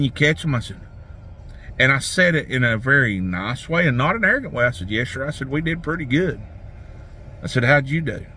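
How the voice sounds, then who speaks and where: A man's voice: medium pitch, bright, forceful tone, a little hiss or hum. A man, rambling folksy talk about fishing as a vlogger, outdoors by a lake. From Tennessee. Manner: folksy, rambling, restarts a lot. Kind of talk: casual rambling talk to camera.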